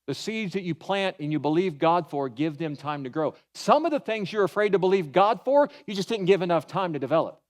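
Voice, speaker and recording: A pastor giving a sermon in an animated, folksy way, mixing humor into his storytelling. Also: sits high, fairly quick, few pauses. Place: church.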